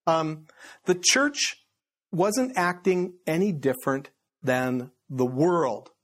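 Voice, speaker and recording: A man's voice: a little high, takes it slowly, fairly bright tone. Conversational male pastor teaching scripture. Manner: conversational, many fillers and restarts, emphatic on quotes. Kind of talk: sermon, verse-by-verse Bible teaching.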